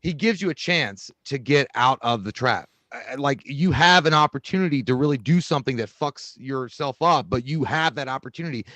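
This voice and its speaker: A man co-hosting a casual movie review chat, talking in an animated way with plenty of swearing. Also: medium pitch, moderate pace, few pauses, dry recording. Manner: animated, swearing, acts out voices mid-story. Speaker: co-host.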